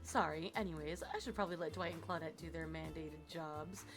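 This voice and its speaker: A woman voicing a smooth, evasive male resort narrator in a game, dropping her voice lower and quieter, with dry asides. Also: steady tone, a little fast, over music. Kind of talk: reading game narration aloud.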